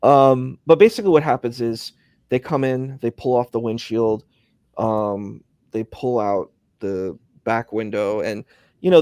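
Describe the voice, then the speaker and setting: A man's voice: medium pitch, a little mellow, clear, resonant tone, dry recording. A man in casual conversation, rambling through a story with many fillers, speaking from a hospital.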